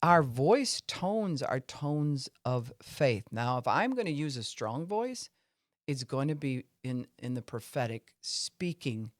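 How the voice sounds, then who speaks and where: A man's voice: mid-range voice, very animated, slow, dry recording, clean studio sound. A man giving an earnest faith-based teaching talk on a podcast, acting out voices to make his points. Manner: earnest, acts out angry and weary voices to illustrate. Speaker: Christian podcast speaker.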